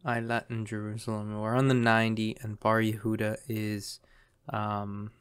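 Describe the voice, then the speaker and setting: A man's voice: fairly low pitch, completely flat delivery, normal speed, fairly bright tone, clean tone. A man commentating a map guessing game, thinking aloud in a chatty way with lots of ums. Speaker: game streamer.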